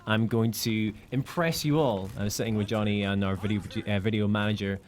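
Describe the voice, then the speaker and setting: A man's voice: on the low side, fairly even intonation, a little fast, a little hiss or hum. A man from the United Kingdom co-hosting a live game stream, chatting casually and reading out viewer comments.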